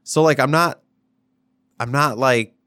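A man's voice: mid-range voice, takes it slowly, pushed and bright, no room sound, studio quality. A man co-hosting a podcast, rambling loosely through a casual sports chat with lots of fillers and restarts. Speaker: podcast co-host.

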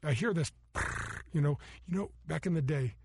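A middle-aged man tells golf stories on a radio show, animated and full of laughs. His voice sits a little high for a man, and the sound is dry and close. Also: normal speed, gravelly, husky, no echo. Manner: animated storyteller, acts out voices, laughs often. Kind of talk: casual storytelling chat.

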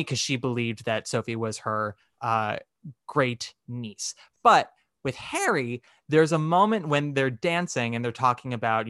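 A man's voice: medium pitch, no echo, studio quality. A man hosting a podcast, chatting casually and acting out quotes as he tells stories. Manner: chatty, animated storytelling, acts out quotes. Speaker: podcast host. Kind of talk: casual chat.

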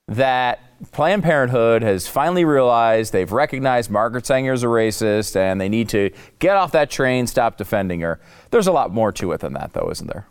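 A man hosts a casual political talk show. He speaks in a loose, chatty way, full of fillers and easy laughs, at an ordinary middle pitch. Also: clear, resonant tone. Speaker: podcast host.

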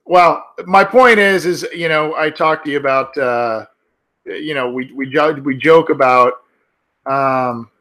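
Chatty bright-voiced male podcast host. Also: on the high side, slow. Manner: chatty, many fillers and restarts. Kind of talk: casual sports talk.

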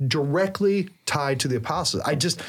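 A man, a priest and co-host, chatting casually and telling jokes in an animated, playful way. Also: on the high side, moderate pace, husky. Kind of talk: casual chat with joke telling.

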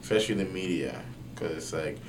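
Slangy, animated young man telling a story. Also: sits low, fairly quick, background noise. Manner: slangy, animated, swears often, many fillers. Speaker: podcast guest. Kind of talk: casual storytelling chat.

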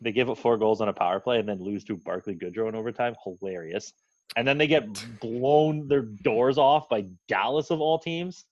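A man's voice: medium pitch, normal speed, darkish tone, highs cut off. A man talking as a guest on a sports podcast, blunt and opinionated, swearing casually.

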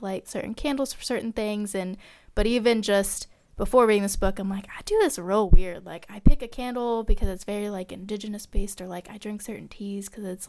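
A woman's voice: mid-range voice, a little mellow, no echo. A woman co-hosting a podcast in casual chat, talking loosely with many likes and ums. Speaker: podcast co-host.

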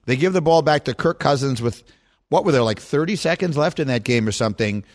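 A middle-aged man hosting a sports talk radio show, animated and chatty as he banters with his co-hosts. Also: medium pitch, brisk.

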